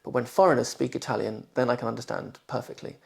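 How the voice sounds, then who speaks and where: Forties man, posh southern English accent, slightly gravelly, very clear careful diction; reads and answers questions. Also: mid-range voice, fairly even intonation, fast talker. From London, England. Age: 40s. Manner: careful, clearly pronounced speech. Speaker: interviewee. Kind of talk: reading test passages, then interview answers.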